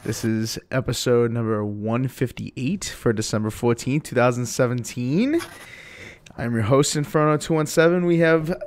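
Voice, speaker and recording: A man's voice: medium pitch, normal speed. A man hosting a streamed gaming podcast, chatting casually and rambling with plenty of fillers. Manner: rambling, loose delivery with many fillers. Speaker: podcast host.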